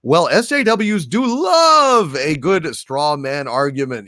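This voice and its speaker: Halting man hailing viewers on stream. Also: mid-range voice, lively intonation, sharp tone, no room sound, clean studio sound. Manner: grandiose mock-overlord greetings, halting with many fillers. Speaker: livestream host reading super chats. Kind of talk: casual livestream chat.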